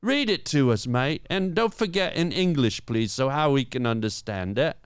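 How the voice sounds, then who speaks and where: Co-host, male, brash improvised roaster, fake British "mate" bit, smooth dry voice. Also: mid-range voice, lively intonation, normal speed, no room sound. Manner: brash mock-British "mate" persona, insulting. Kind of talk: improvised comedy banter.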